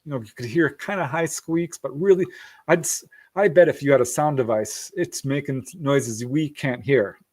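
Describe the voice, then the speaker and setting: A man's voice: medium pitch, normal speed, a little mellow. A middle-aged man telling a story as a podcast guest, acting out quoted voices and laughing often. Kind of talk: casual storytelling interview.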